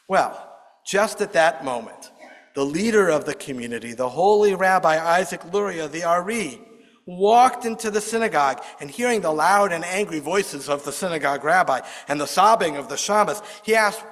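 Expressive storyteller man in a reverberant hall. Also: normal speed. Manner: expressive, voices characters with rising pitch. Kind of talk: oral storytelling.

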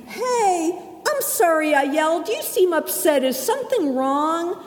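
A woman's voice: extremely high pitch, expressive, measured pace. A woman voicing a bossy older child who scolds a younger sibling, in a storybook tale. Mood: gentle. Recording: echoey hall.

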